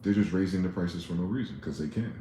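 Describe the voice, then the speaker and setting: A man's voice: sits low, fast, warm tone, a little hiss or hum. A man giving a heated, profane, sarcastic rant about politics and money as a commentary vlogger. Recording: roomy echo.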